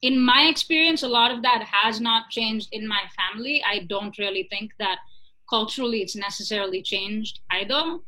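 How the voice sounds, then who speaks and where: A woman's voice: on the high side, normal speed, rough recording. A woman in her twenties, talking casually and telling a story with many "right?" and "you know?" asides. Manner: animated, asks "right?" and "you know?" often.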